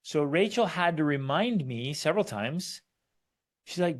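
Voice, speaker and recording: A man's voice: a little high, animated, unhurried. A man co-hosting a family podcast in casual chat, acting out quoted lines with animation. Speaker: podcast co-host.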